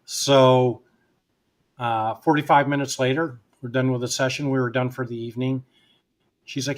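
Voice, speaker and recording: A man's voice: mid-range voice, fairly even intonation, moderate pace. A man, a guest hypnotist, telling a personal story in casual conversation and acting out both sides of the remembered dialogue.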